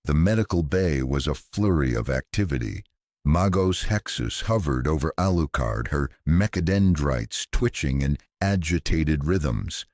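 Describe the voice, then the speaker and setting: A man's voice: rumbling low, lively intonation, measured pace, darkish tone, no room sound, studio quality. A man narrating a scripted sci-fi story in a grave, dramatic storytelling manner.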